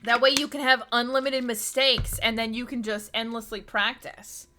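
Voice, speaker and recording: A woman streamer chatting casually with her viewers, excitable and talkative, loudly greeting people in chat. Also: fairly high pitch, moderate pace, background noise. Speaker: streamer host.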